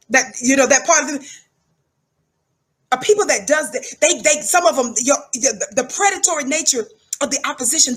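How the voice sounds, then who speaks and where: A woman's voice: high-pitched, slightly rough. A middle-aged woman, talking in an emphatic, preachy livestream monologue and repeating words for effect. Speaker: livestream commentator.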